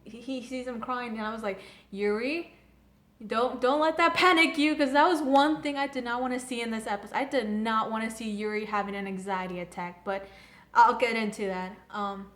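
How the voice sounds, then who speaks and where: A woman's voice: a little high, steady tone, brisk. A young woman recapping and reviewing an anime episode in a casual, rambling, gushing fan manner. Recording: echoey room.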